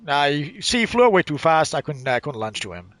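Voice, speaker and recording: Man, casual gameplay commentary, chatty and explanatory, slightly high voice, dry close sound. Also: brisk, dry recording, faint music behind. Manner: relaxed, chatty, explains as he plays. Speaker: gaming channel host.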